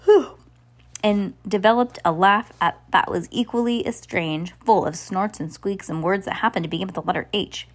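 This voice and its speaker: A woman's voice: mid-range voice, moderate pace, few pauses. A woman casually reading a novel aloud, with chatty asides and frequent self-corrections. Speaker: reader.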